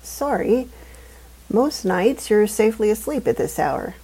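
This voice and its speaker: A woman's voice: mid-range voice, very animated, a little slow, warm tone, husky, voice pushed up, low-quality recording. A woman reading a novel aloud and voicing a small, balding, dumpling-shaped male watcher who talks in a prim, exasperated, over-explaining way. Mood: fussy, exasperated.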